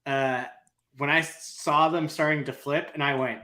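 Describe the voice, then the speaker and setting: A man's voice: on the high side, fairly even intonation, brisk, sharp tone. A man co-hosting a podcast in casual chat, acting out his own reactions. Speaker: podcast co-host. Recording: roomy echo.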